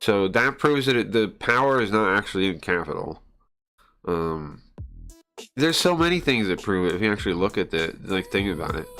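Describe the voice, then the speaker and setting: A man's voice: on the low side, big pitch swings, moderate pace, fairly bright tone, faint music behind. A man livestreaming, talking in a casual, rambling way, arguing his opinions and often repeating and restarting phrases. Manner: argumentative, lecturing tone.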